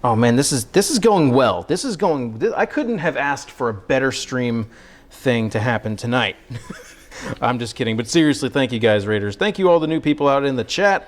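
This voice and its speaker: A man's voice: medium pitch, animated, moderate pace. A man hosting a cooking livestream, chatting casually and joking with his audience while he works. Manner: joking, rambling, self-deprecating banter with chat. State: out of breath from sawing. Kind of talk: casual live-stream chat while cooking. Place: home kitchen.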